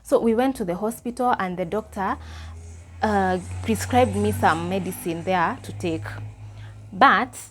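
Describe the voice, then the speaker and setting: A young woman with a Kenyan accent tells a personal story straight to her viewers. Her delivery is animated and chatty, and she drops Swahili phrases into her English. Her pitch sits in a middle range. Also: a little slow, faint music behind. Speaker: vlogger. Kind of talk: casual storytime.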